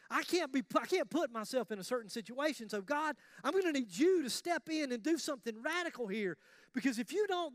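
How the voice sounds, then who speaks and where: A pastor delivers a sermon to his congregation, keeping it lively, joking and conversational. His high-pitched voice is recorded close and dry, with no room sound at all.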